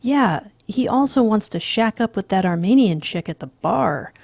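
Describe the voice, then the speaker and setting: A woman's voice: mid-range voice, animated, unhurried, vocal fry, a little mellow, slightly rough, dry recording, clean studio sound, pitched above the performer's own voice, full character voice. A woman voicing a snappy, sneering young Wall Street man.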